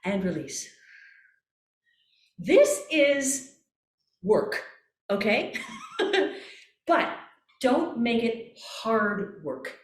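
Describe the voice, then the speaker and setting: A woman voice coach calmly guiding a breathing exercise, repeating gentle cues. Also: on the high side, extremely slow, pauses often. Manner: calm, coaxing, repeats cues. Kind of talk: guided breathing exercise instruction. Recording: echoey room.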